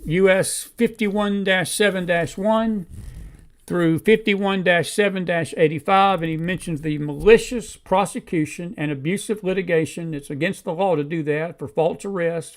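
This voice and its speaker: A man hosting live political commentary, rambling as he searches for a statement, then heated and emphatic. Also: high voice. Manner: fumbles and self-talks while searching. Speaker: host.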